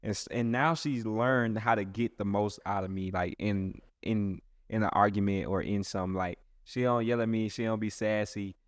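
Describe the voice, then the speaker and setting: A man's voice: on the low side, steady tone, normal speed, hardly any pauses, no room sound, clean studio sound. A man who is a pastor, talking earnestly and casually in a rambling way with many restarts. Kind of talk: casual podcast chat.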